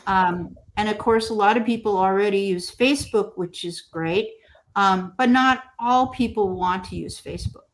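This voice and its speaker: A woman mosaic artist being interviewed, telling stories gently and acting out what people say. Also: medium pitch. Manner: slow, gentle storytelling with lively quoted voices. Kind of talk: casual interview conversation.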